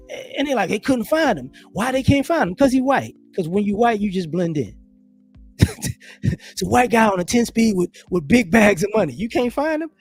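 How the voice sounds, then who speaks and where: On a live stream from a home setup, a man offers stories and opinions casually, acting out others' dialogue in animated asides. He has a high, gravelly voice.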